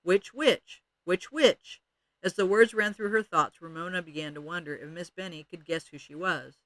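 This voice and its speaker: A man's voice: a little high, brisk, pushed and bright, dry recording. A man expressively reading a children's chapter book aloud. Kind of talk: read-aloud storytelling.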